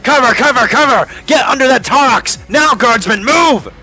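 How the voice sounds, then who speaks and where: A man's voice: extremely high pitch, lively intonation, pushed and bright, faint music behind, pitched above the performer's own voice, full character voice. A man voicing a harsh male army sergeant who barks orders, curses and hurries his squad along in a fan audiobook. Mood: shouting orders. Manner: bellowing, cursing, hurried.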